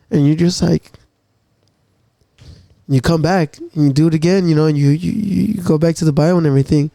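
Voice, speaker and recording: A man's voice: on the high side, a little fast, vocal fry, warm tone, no room sound, clean studio sound. A man co-hosting a podcast, talking casually and emotionally about faith, calling his co-host "bro" and "dude". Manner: emotional, repeats "bro" and "dude", acts out God's words.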